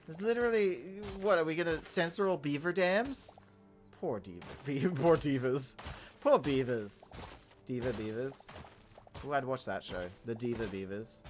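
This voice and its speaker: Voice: medium pitch, expressive, normal speed, faint music behind. A gaming YouTuber chatting casually over gameplay, telling a rambling story full of fillers and restarts, with goofy asides and giggles.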